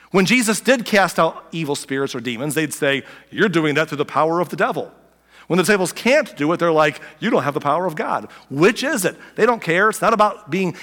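Pastor guy preaching casual, kinda high voice, big echoey hall, gets loud then real quiet. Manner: conversational, swings from loud to near-whispered. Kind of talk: sermon.

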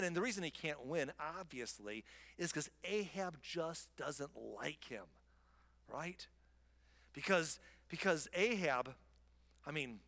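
A male pastor preaching in a relaxed, conversational manner. His voice sits somewhat high. A long reverb fills the hall around him. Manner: casual, conversational storytelling. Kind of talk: sermon.

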